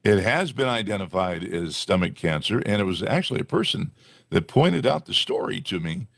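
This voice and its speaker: A man co-hosting a casual political talk show, animated, with mocking asides. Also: fairly low pitch, normal speed, vocal fry, dry recording, studio quality. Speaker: podcast co-host.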